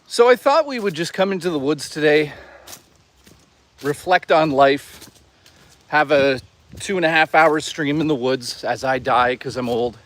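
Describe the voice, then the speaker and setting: A man talking casually to his live chat while walking outdoors in the woods, excitable, joking and swearing a lot. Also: fairly high pitch, normal speed. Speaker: live streamer. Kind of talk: casual live-stream chatter.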